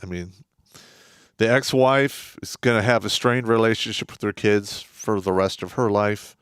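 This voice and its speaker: A man co-hosting a live stream, giving measured, earnest opinions with filler restarts while having a drink. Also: fairly low pitch, fairly even intonation, a bit bright, clear, resonant tone, no echo, studio quality. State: drinking beer. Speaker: co-host. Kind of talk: casual live-stream commentary.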